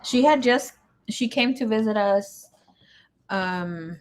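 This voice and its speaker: A woman's voice: medium pitch, slow pace. A woman tarot reader chatting casually on a live stream. She reads viewer comments aloud and drops Spanish words into her English. She sounds emotional and grieving.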